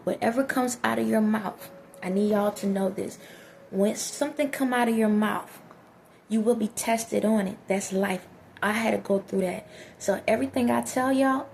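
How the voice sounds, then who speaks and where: Woman vlogger, soft but direct, kinda gravelly, preachy advice, keeps asking okay?. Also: medium pitch, fairly even intonation, normal speed, slight background noise. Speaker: vlogger giving life advice. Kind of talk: direct-to-camera motivational talk.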